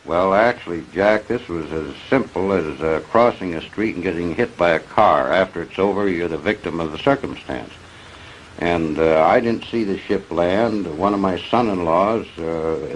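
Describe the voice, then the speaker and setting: An older man in an old archival interview, slowly and plainly recounting an encounter. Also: low-pitched, a little hiss or hum, poor audio.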